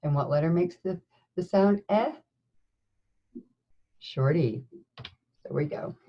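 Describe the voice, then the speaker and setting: A woman teacher leading a slow, encouraging phonics lesson, sounding out words letter by letter. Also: sits low, highs cut off. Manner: encouraging, with praise and questions. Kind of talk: recorded classroom phonics lesson.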